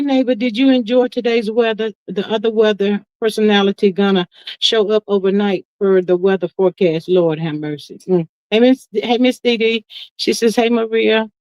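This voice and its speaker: A middle-aged woman with a mid-range, slightly mellow voice hosts a live stream, chatting in a casual, folksy way as she reads viewer comments and calls everyone honey and child. She's chatty and emphatic, with drawn-out asides. The recording is dry and a bit muffled, with a lo-fi sound.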